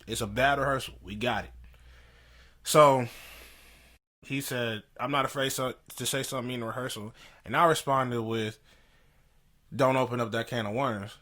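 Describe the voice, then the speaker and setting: Animated young man telling a story. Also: mid-range voice, moderate pace, pauses often. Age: young adult. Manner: animated, slangy, laughs while telling a story. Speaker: podcast co-host. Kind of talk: casual storytelling chat. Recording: poor audio.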